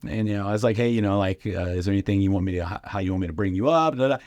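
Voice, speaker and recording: Animated storyteller man, low dry voice. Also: racing, no room sound. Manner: animated anecdotes with lively impressions, frequent fillers. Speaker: guest comedian and radio host. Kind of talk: casual storytelling.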